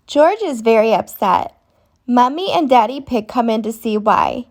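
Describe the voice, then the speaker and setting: Woman, children's story reader, storybook read-aloud, slow and clear, very expressive pitch.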